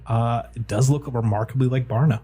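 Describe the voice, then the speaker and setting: A man as dungeon master, narrating a tabletop horror game in a casual, halting way full of fillers. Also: mid-range voice, fairly even intonation, mellow.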